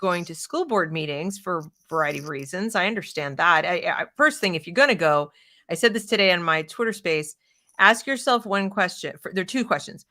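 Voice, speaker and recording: Bright-voiced woman hosting an interview. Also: fairly low pitch, brisk. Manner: emphatic, animated, mocks opponents in a put-on voice. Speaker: podcast host. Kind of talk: conversational interview.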